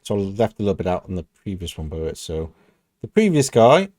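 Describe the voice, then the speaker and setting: A British man talks through his reactions in a casual, rambling way, padding his thoughts with "you know." His voice sits low and mellow. The sound is dry and close. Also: sing-song, fairly quick, dry recording. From United Kingdom. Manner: rambling, thinking aloud with many "you know"s. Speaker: reaction video host.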